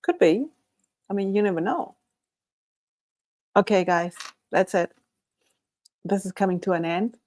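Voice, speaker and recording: A woman's voice: medium pitch, a little slow, pauses often, a little mellow. A woman hosting a casual live stream, reading chat comments and talking with playful, frequent laughter. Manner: laughs often, playful and chatty. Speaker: channel host reading chat.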